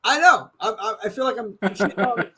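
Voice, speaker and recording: A man with a Brooklyn New York accent hosting a casual live horror chat, animated and joking, swearing freely. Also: sits high, a little fast, slightly rough. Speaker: podcast host.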